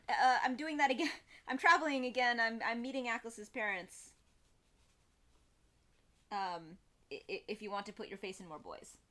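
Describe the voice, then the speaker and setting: A young woman chatting on a live stream, talking in a loose, rambling way with lots of expression. Her voice sits a little higher than most women's. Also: fairly bright tone. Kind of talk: casual live-stream chat.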